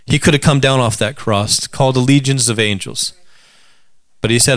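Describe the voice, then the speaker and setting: A man preaching an Easter sermon, calling out questions to the congregation and rising to shouts. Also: medium pitch, fairly even intonation, moderate pace, no echo.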